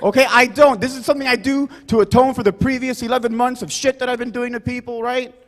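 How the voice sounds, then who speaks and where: Guy doing stand-up in a club, really high voice, long reverby hall, rambly and loud. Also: steady tone, fast talker. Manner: loud, rambling, keeps saying "you guys" and "right?". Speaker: stand-up comedian. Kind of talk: stand-up set. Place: comedy club stage.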